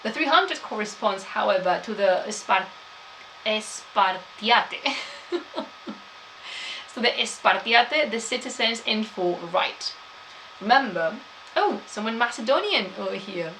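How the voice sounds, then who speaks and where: A woman's voice: medium pitch, a bit bright, a little hiss or hum, poor audio. A woman gives a chatty live-streamed history talk, laughing often and answering chat.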